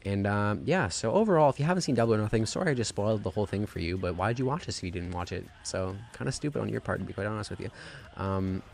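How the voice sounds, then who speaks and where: A man giving a rambling, gushing, profane wrestling review in a casual excited style. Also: fairly low pitch, quick pace, gravelly, slight background noise.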